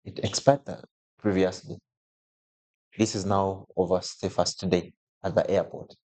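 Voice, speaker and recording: A man telling a personal story as a podcast guest, animated, with frequent restarts and jumps in pitch when quoting others. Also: measured pace.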